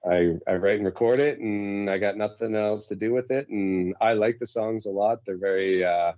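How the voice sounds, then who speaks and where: A man with a very low voice talks in a loose, rambling way, making fun of himself as he goes. The sound is dull and lo-fi, like call audio, and it's dry with no room sound. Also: fairly even intonation, normal speed, no echo. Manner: rambling, self-deprecating, laid-back. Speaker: musician guest, band singer. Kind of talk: casual chat on a call.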